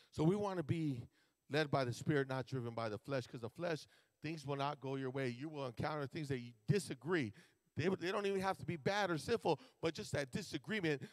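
A man's voice: fairly high pitch, no echo. A man preaching a sermon in a loose, conversational way, acting out his own thoughts and stumbling over words now and then. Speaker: pastor. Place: church sanctuary.

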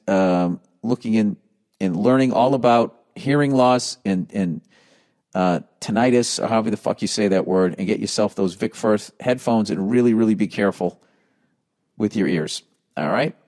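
A middle-aged man with a Boston accent hosting a podcast, reading listener emails aloud and answering with sarcastic, profanity-heavy rants that swing from mocking high jabs to low grumbling. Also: normal speed, a little mellow. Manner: sarcastic, swears heavily, swings between mocking highs and grumbling lows. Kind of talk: profane comedic podcast rant.

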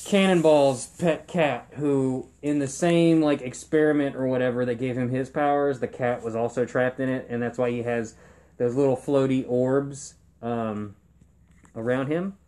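A man's voice: medium pitch, steady tone, normal speed, mellow. A man co-hosting a podcast in casual chat, eagerly interjecting explanations and corrections. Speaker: podcast co-host.

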